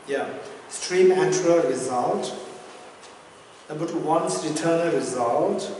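A man's voice: a little high, unhurried, a little mellow. Man teaching dharma in an echoey hall. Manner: repeats key phrases while explaining. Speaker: Buddhist teacher. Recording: echoey hall, distant mic, faint noise.

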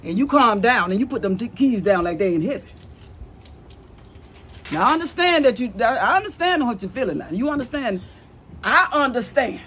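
A man's voice: very high voice, sharp tone, breathy edge, heavily acted. A man playing a folksy, scolding older mother-in-law in a comedy sketch, sermonizing and bossy. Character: preachy older Southern church mother-in-law.

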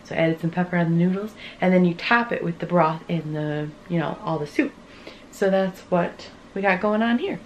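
A woman's voice: fairly low pitch, moderate pace, dull audio, a little hiss or hum. A woman chatting casually in a home vlog, explaining what she is doing as she goes. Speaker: vlogger cohost. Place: home kitchen and living room.

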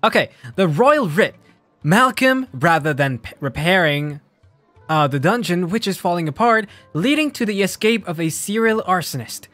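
A man's voice: high voice, lively intonation, moderate pace, fairly bright tone, dry recording, faint music behind. A man streaming a video game, laughing often and reading the game text aloud.

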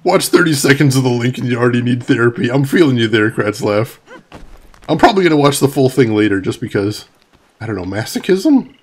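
A gaming streamer chats and laughs often as he reads chat aloud over casual let's-play commentary. He speaks a little fast at a medium pitch, animated, with a breathy edge.

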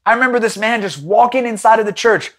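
A man from South Africa preaching a Bible study, telling stories dramatically and swinging between excited and hushed delivery. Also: high voice, quick pace.

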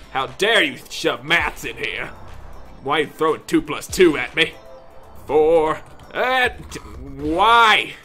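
A man commentates his own gameplay, yelling and swearing at the game out of frustration and breaking into mock-pompous outbursts. His voice is fairly high-pitched.

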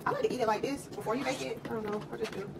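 This cooking vlog host has a gravelly, slightly high voice and talks very fast. Chatting and joking in her home kitchen, she laughs at her own jokes, recorded from a distance with steady noise behind her.

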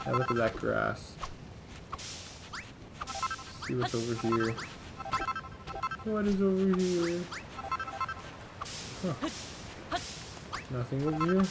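A man's voice: mid-range voice, expressive, takes it slowly, vocal fry, pauses often, over loud music. A man hosting a let's play, talking through casual gameplay commentary and mumbling to himself as he reads game text aloud.

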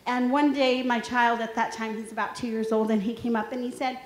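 In an echoey, large room, a woman in her thirties runs a workshop for an audience, her voice on the high side and brisk with hardly any pauses. She tells funny stories in a lively way and keeps asking the crowd questions, giving a humorous motivational talk.

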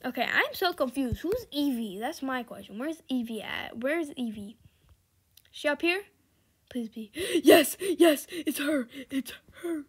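A young woman giving casual, giggly commentary over her own gameplay, chatty and shifting between loud squeals and quiet mutters. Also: sits high, lively intonation, unhurried. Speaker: gaming video creator.

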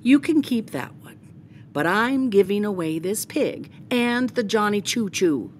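A woman's voice: medium pitch, expressive, a little slow, slight background noise, lightly acted. A woman voicing an exasperated, fed-up mother in a storybook read-aloud, speaking sternly.

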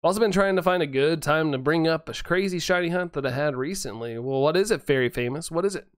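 A man's voice: fairly high pitch, quick pace, clean tone, no room sound. A man live-streaming a game, chatting casually, reading viewer messages aloud and chuckling often. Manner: laid-back, chuckles often, greets chatters by name.

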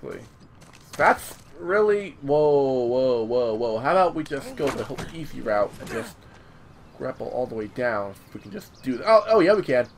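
A man's voice: medium pitch, sing-song, moderate pace. Rambling young man narrating his gameplay. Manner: rambling, restarts a lot, swears casually. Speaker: gaming channel host. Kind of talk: let's-play commentary.

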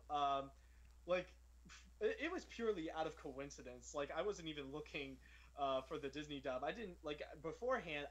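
A man hosting a casual film podcast, speaking with a very lively, sing-song pitch that sits a little high. He rambles with enthusiasm and fills his pauses with plenty of fillers. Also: rough recording. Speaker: podcast host.

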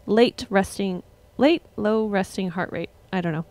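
A young woman musician casually chatting with her livestream viewers between songs, relaxed and rambling. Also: mid-range voice, measured pace. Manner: relaxed, rambling, laughs at herself.

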